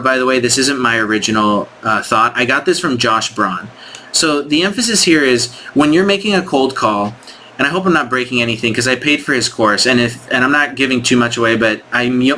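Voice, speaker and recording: Bright-voiced man thinking aloud. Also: medium pitch, slight background noise. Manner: thinks aloud with many restarts; frank, critiques scripts directly. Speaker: sales coach. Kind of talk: casual screen-share walkthrough.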